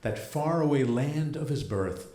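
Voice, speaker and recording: A man in his seventies performing a stand-up comedy set as a rabbi comedian, with a dry, deadpan delivery and pauses before the punchlines. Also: mid-range voice. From United States. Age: 70s. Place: comedy club stage. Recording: roomy live club sound.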